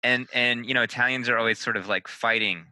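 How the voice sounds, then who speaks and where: A man in a casual discussion who talks with animated restarts and brief asides. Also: medium pitch, a little fast, no echo, rough recording. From United States. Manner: animated storyteller, frequent restarts.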